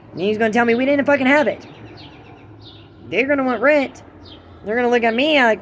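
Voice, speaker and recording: A woman's voice: fairly high pitch, fairly quick, slight background noise. A woman vlogger venting in a heated, profane rant straight to camera. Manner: heated, ranting, heavy swearing.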